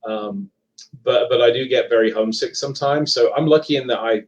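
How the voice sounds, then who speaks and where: A middle-aged man from England with a Leicester accent softened by years abroad, chatting as a podcast guest, hesitant and full of ums and restarts. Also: medium pitch, fairly quick, highs cut off. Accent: Leicester English, partly Americanized. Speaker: guest author and paranormal investigator. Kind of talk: casual live podcast chat.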